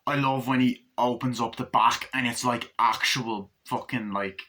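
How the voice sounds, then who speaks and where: A man in a casual movie review, excitable and loose, retelling scenes and swearing freely. His voice has a bright, forward tone. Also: mid-range voice, unhurried.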